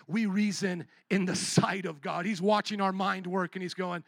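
High-voiced, bright preaching man. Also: moderate pace, vocal fry, few pauses, no echo. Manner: animated preaching with call-and-response questions. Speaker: pastor. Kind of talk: sermon.

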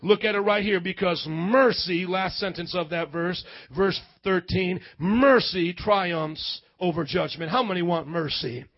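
Impassioned high-voiced preacher, lo-fi. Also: male voice, a little slow, few pauses. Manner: impassioned preaching, calls to the congregation. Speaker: pastor. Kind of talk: sermon.

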